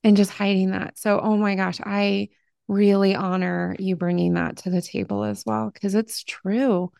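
A middle-aged woman from Appalachian Ohio hosts a podcast interview, warm in her words and quick to gush. Her voice sits mid-pitch with a gravelly fry. The recording is close and dry. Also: no room sound. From Southern Ohio, Appalachia. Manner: effusive and expressive. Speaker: podcast host. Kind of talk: conversational interview.

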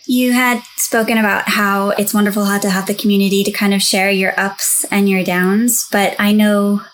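Flat-voiced woman podcast host. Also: mid-range voice, moderate pace, rough recording. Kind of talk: interview question.

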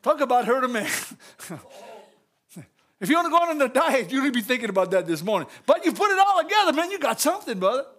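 High-voiced, animated church speaker. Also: male voice, fast. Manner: animated, laughs often, repeats phrases. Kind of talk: lively church message with storytelling.

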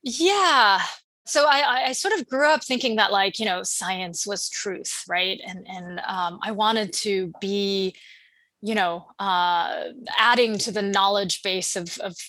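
A woman's voice: medium pitch, slow pace, pushed and bright, dry recording. A woman in her thirties, a startup founder talking as a podcast guest in a casual, chatty way with many fillers and restarts. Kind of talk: casual interview conversation.

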